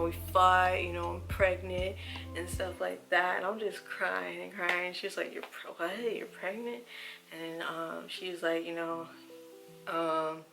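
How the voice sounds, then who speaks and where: A young woman talks straight to camera in a personal vlog, her voice slightly low but bright and forward. She speaks softly and haltingly, stumbling through fillers as she retells something painful. Faint music sits underneath. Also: gravelly. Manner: soft, halting, emotional retelling with many fillers. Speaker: vlogger.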